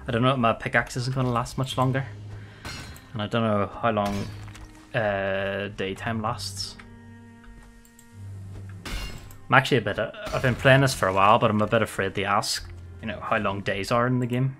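A man's voice: mid-range voice, normal speed, pauses often, a bit bright, faint music behind. Chatty young man gaming. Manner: chatty, swears at enemies, laughs often. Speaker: gaming streamer. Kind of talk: casual gameplay commentary.

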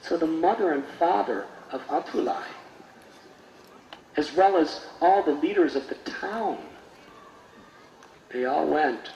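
A man, a spiritual teacher, telling a sacred story in a sermon with reverent, expressive delivery. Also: fairly high pitch, slow, creaky, pauses often, muffled recording. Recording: roomy space with faint noise.

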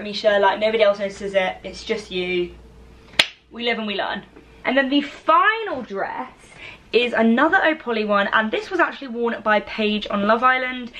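A woman's voice: a little high, a bit bright, a little hiss or hum. A woman, chatting playfully through a dress try-on haul with lots of fillers. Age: 20s. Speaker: fashion vlogger. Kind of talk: casual try-on haul chat.

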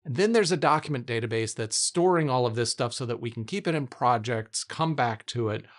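A man giving a casual, screen-recorded tech commentary. He is enthusiastic, thinks aloud and reacts as he goes, at an ordinary mid pitch. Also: animated, brisk. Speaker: tech YouTuber testing AI coding tools.

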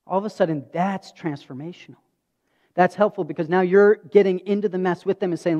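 A man's voice: sits high, fairly even intonation, a little fast, warm tone. A pastor in his thirties preaching a sermon, telling stories earnestly and acting out dialogue. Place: church sanctuary. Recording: dull audio with long hall reverb.

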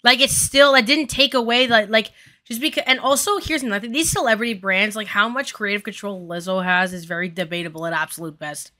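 A woman co-hosting a casual commentary chat, jumping in with quick remarks and laughing asides. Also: mid-range voice, pushed and bright. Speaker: podcast co-host.

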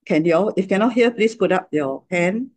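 A pastor speaking plainly and haltingly to a class before playing a video. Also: medium pitch, lively intonation. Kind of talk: casual talk to a congregation.

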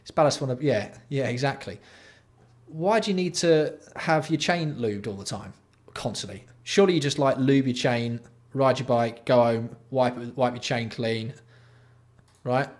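Man, young adult, livestream host, sweary, mocking, exasperated rant, mid-range pitch. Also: normal speed. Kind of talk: ranting livestream commentary.

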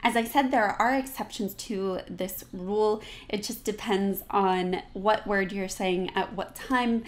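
A woman's voice: mid-range voice, steady tone, a little slow. A woman teaching singing diction, speaking patiently and modelling each word for the viewer to repeat. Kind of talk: diction lesson.

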